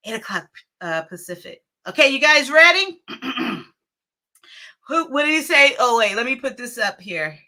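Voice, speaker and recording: A woman's voice: high voice, big pitch swings, measured pace, pushed and bright. A woman hosting a casual livestream, chatting with viewers and laughing often. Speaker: livestream host.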